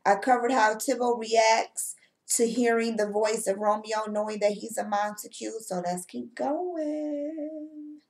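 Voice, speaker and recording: Woman teacher, chatty, playful, slangy, slightly high. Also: steady tone, measured pace, a little mellow. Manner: playful, chatty, laughs often, slangy asides. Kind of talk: casual recorded lesson.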